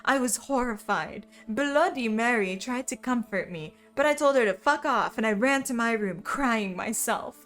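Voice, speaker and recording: A woman's voice: fairly high pitch, animated, normal speed, hardly any pauses, soft background music. Giggly woman reading aloud dramatically. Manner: giggly, acts out quoted lines with exaggerated shouts. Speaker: stream co-reader. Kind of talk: comedic dramatic reading on a stream.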